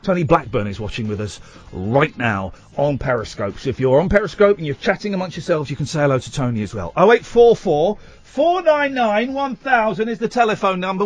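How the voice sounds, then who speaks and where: Male radio host, high and bouncy voice, dry studio sound, playful rambling chatter. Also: dry recording. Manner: rambling, self-correcting and playful. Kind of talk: casual radio talk. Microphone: studio microphone.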